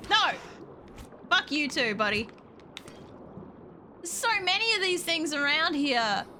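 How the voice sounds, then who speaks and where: A young woman streaming a game, chatting to herself and yelling and swearing at the creatures on screen. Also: high-pitched, takes it slowly, slight background noise. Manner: expressive, swears and yells at the game. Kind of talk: casual gameplay commentary.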